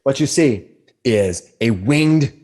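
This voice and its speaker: A man at mid pitch runs a tabletop game, describing scenes and calling for rolls. He rambles and restarts his sentences as he goes. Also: expressive, slow pace, mellow. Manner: rambling, with many restarts and fillers. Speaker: game master.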